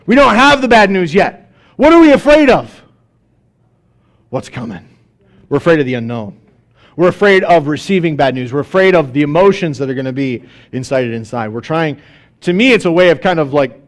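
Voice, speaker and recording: A man preaching a sermon in church, talking conversationally, asking the congregation questions and acting out little scenes in quoted voices. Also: high voice. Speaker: pastor. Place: church sanctuary.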